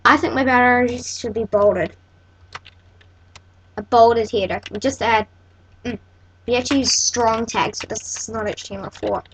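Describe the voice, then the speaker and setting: A woman's voice: a little high, fairly even intonation, moderate pace, long pauses, a bit bright, slight background noise, rough recording. A woman hosting a casual coding tutorial, thinking aloud and correcting herself as she works. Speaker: tutorial host.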